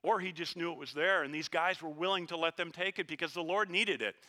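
A man preaching a sermon in a conversational, animated way with jokes and earnest asides. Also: on the high side. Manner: conversational and animated, joking, then hushed and earnest. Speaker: pastor.

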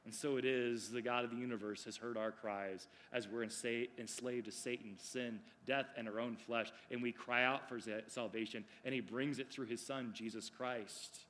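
A man preaching a sermon, moving between loud declarations and hushed, drawn-out phrases. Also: medium pitch, fairly even intonation, a little hiss or hum.

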